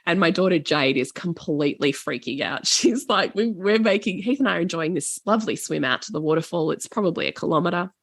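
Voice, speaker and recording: A woman in her forties with an Australian accent, a podcast guest telling family travel stories in a lively, casual way, swearing freely. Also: lowish voice, brisk, few pauses, no room sound, clean studio sound. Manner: animated, swears casually, laughs often. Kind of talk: casual storytelling.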